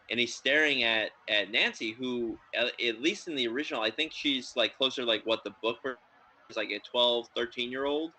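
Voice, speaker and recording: A man's voice: medium pitch, poor audio. A man hosting a podcast, chatting casually about films in a rambling way, full of fillers. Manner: rambling, filler-heavy, excitable. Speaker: podcast host. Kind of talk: casual film review chat.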